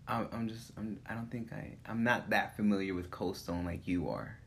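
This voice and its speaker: A man's voice: on the low side, fairly even intonation, moderate pace, gravelly, slight background noise. Brief: male podcast co-host, playful teasing, keeps asking questions. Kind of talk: casual chat.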